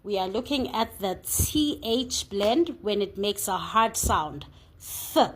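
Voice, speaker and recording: A woman teacher leading a spelling lesson, sounding out each word slowly and carefully. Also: mid-range voice, animated. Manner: slow, careful over-enunciation of sounds.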